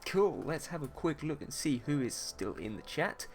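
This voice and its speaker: A man's voice: on the high side, animated, moderate pace, faint music behind. Playful posh British man streaming. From England. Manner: playful, teasing, chatty with viewers. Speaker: art streamer host. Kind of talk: casual livestream chat.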